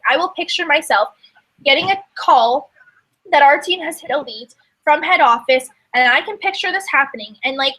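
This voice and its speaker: A young woman with a high, bright voice gives a casual motivational talk to her team. She speaks emphatically and acts out her own inner voice in quoted asides. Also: poor audio. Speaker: network marketing coach.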